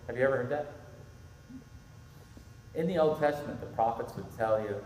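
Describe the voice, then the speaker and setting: A middle-aged man preaching to a youth group, telling a story with animated, acted-out quotes. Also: mid-range voice, brisk, far from the mic, a little hiss or hum. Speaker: pastor. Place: church hall. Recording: echoey hall with faint ambience.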